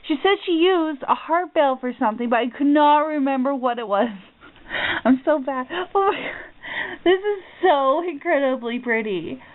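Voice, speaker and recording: Gushing high-voiced young woman, tinny audio. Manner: gushing, excitable, gasps often. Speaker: crafting vlogger. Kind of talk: package opening vlog.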